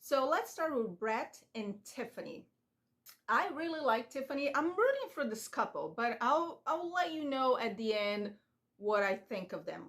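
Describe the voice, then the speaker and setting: A woman's voice: high-pitched, expressive, normal speed, a bit bright. A woman giving a chatty, opinionated recap of a reality show, acting out the people she talks about. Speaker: reaction vlogger. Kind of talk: casual recap commentary.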